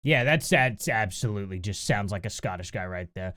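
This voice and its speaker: Indignant man with lively pitch. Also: fairly quick. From United States. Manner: indignant, mocking. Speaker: commentary channel host. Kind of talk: reacting to a news clip.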